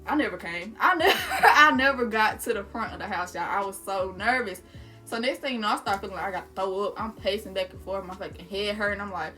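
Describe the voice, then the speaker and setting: A young adult woman casually telling a story to her viewers, animated and swearing, calling them y'all. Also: fairly high pitch, brisk, soft background music.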